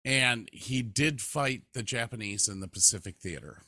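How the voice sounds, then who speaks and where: A podcast co-host with a mid-range voice chats casually at a moderate pace, reading facts aloud in a lively, animated way and reacting to them. The sound is clean studio audio with no room sound.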